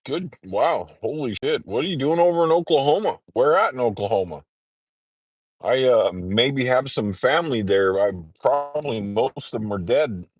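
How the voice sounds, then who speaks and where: A man's voice: mid-range voice, lively intonation, normal speed. Congested man rambling on a livestream. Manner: rambling, frequent throat-clearing and filler words. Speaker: livestreamer in trucker training. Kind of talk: casual morning livestream chat.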